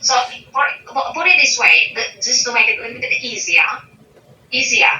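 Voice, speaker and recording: A woman's voice: a little high, expressive, brisk, sharp tone. A woman from Indonesia, a non-native English speaker, talking as an interview guest, hesitant with restarts but firm when she makes a point. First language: not English. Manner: hesitant, with many restarts and fillers, then firm and emphatic. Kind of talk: casual interview conversation. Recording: distant, dull, echoey recording with faint noise.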